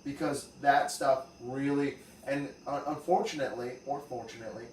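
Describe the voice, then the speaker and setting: A man, a fighter and co-host, talking casually on a podcast in a relaxed, rambling way. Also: mid-range voice, moderate pace. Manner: relaxed, conversational, trails off with fillers. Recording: roomy and distant with faint background noise.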